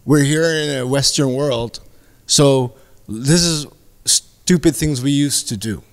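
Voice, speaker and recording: A Filipino Canadian man, a guest comedian, telling stories in a casual podcast chat with lively, profane energy. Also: medium pitch, slow pace, no room sound. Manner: animated storyteller, swears freely.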